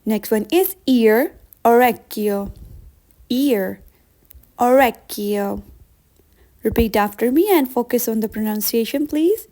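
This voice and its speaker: A woman teaching a beginner vocabulary lesson, saying each word slowly and carefully and repeating it with patient encouragement. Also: a little high, animated, dark tone. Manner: slow, careful repetition of words. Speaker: language teacher.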